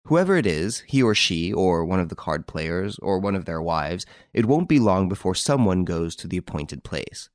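A man voicing a composed gentleman detective. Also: sits low, very animated, dry recording, clean studio sound. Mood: calm. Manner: measured, authoritative. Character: composed gentleman detective, male, middle-aged, commanding.

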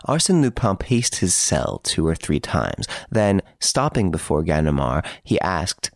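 Deep, gravelly male audiobook narrator. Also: big pitch swings, a little slow, hardly any pauses, dry recording, clean studio sound. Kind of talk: scripted narration.

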